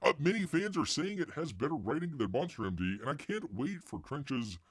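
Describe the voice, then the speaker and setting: A man's voice: on the high side, very animated, a little fast, husky, dry recording, studio quality. A man hosting a casual live stream, rambling and joking, muttering asides and calling himself Bear. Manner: rambling, jokey, calls himself Bear in the third person; mutters asides under his breath. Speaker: host of a comics news live stream.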